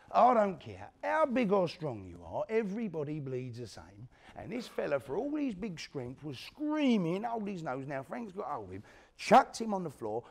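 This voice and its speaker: In a one-man stage monologue, an actor plays an older East London career criminal recounting a prison story in an East London accent. The gravelly character voice is fully committed, lurching from loud quoted lines down to a low hush.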